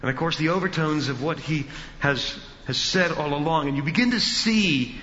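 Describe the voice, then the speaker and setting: A man's voice: a little high, moderate pace, slight background noise. Man preaching in an echoey hall. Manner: emphatic, rising to loud peaks. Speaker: pastor. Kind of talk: expository sermon. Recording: dull reverberant hall sound.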